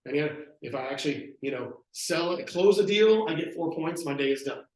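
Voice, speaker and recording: A man leading a real estate training talk, acting out sales pitches as he tells stories. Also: animated, fairly quick, a little mellow. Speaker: real estate team leader. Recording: very echoey room.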